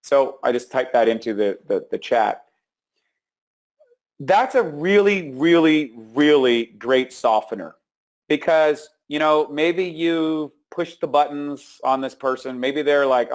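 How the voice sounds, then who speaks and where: A man's voice: medium pitch, a little slow. A man coaching network marketers on a live webinar, talking casually with fillers and repeated words, and acting out sample scripts with emphasis. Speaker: sales coach.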